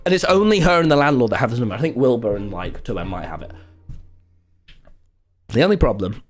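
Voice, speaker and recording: A young man telling a rambling, excitable story in a casual stream chat, full of fillers and sudden yelps. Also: medium pitch, a little fast, faint music behind. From England.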